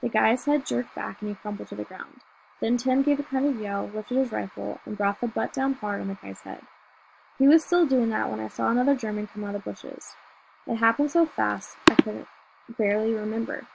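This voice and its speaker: Gravelly woman narrating a novel. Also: on the high side, fairly quick, slight background noise, poor audio. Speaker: audiobook reader. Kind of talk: first-person novel narration.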